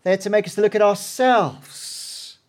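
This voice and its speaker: A male preacher retells a scripture story in a measured, unhurried sermon. His voice sits a little high, and he swings between quiet, hushed asides and loud, dramatic emphasis.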